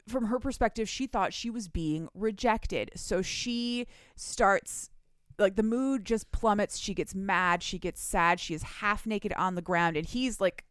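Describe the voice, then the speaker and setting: A woman's voice: medium pitch, smooth, no room sound, clean studio sound. A young woman co-hosting a podcast, casually and animatedly retelling a book's plot with laughs and swearing. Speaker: podcast co-host recapping a book. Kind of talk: casual chat.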